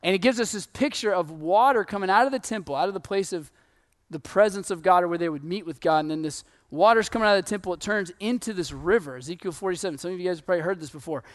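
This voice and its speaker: A man in his thirties preaching a sermon in a conversational, animated way, telling stories and acting out quotes. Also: sits high, quick pace. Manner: conversational, animated storytelling with laughs and acted quotes. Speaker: pastor.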